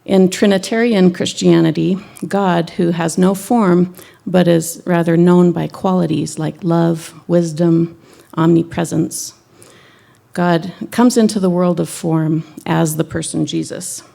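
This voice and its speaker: A woman minister giving a sermon in a conversational, gently wry way. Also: on the low side, fairly even intonation, a little slow, vocal fry.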